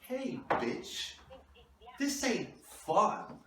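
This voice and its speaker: A man's voice: sits high, big pitch swings, extremely slow, fairly bright tone, voice pushed up, heavily acted. Raised-voice online crusader ranting like he's at war, a comedian puts him on, echoey room, mic far off. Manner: profane, bullying, bombastic war talk. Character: ranting, self-important online free-speech warrior, man. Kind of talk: comedic character sketch.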